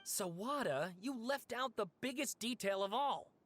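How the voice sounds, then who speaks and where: A man's voice: very high voice, lively intonation, moderate pace, a bit bright, faint music behind, full character voice. An actor playing a level-headed male researcher with a matter-of-fact, slightly impatient manner.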